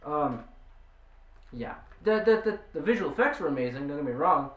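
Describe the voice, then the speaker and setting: A woman reviewing a film in a casual vlog, excitable and rambling, with lots of fillers and restarts. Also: deep voice, normal speed. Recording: echoey room, distant from mic, faint music.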